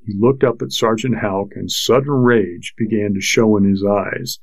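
A man narrating a novel in a measured, unhurried storytelling manner. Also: fairly low pitch, steady tone, vocal fry, no room sound, rough recording. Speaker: audiobook narrator. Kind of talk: scripted narration.

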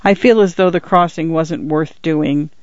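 A man voicing a proud old pioneer grandfather who speaks gently and tiredly, in a storybook reading. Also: a little high, a little slow, dry recording, highs cut off, close to an everyday voice. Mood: gentle.

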